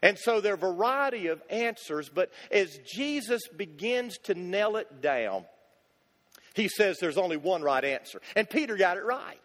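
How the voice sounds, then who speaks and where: A man delivering a sermon in a high voice that rises and falls with lively swings. He presses his points with rhetorical questions and repeated lines, and his voice rings out with the long reverb of a church sanctuary. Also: moderate pace. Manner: emphatic, builds with rhetorical questions and repetition. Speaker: pastor.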